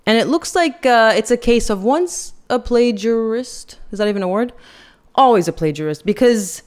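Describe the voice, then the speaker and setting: A woman's voice: fairly high pitch, animated, moderate pace, darkish tone. A woman hosting a podcast, giving chatty, sarcastic and critical commentary. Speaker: podcast host. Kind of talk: casual opinion commentary.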